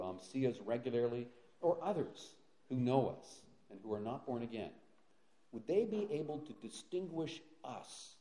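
A man's voice: mid-range voice, mellow. A male pastor preaching a sermon, earnest, with rhetorical questions and frequent fillers and restarts. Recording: roomy echo.

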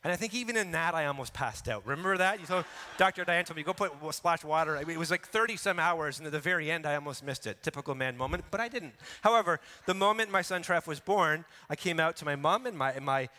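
A middle-aged man preaching a sermon as a pastor, animated, acting out excuses with quick repeated words. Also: a little high, big-room sound.

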